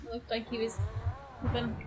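High-voiced woman with teasing quips. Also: completely flat delivery, brisk, noisy background. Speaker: let's play co-host. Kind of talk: casual gaming banter.

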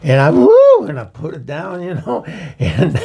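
A man's voice: on the high side, expressive, normal speed, creaky, a little mellow, slightly rough, heavily acted. A man voicing a chatty, bawdy middle-aged woman who hosts the show and rambles through gossipy stories. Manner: rambling, gossipy, chuckling storyteller. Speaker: host introducing a music video. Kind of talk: comedic character monologue.

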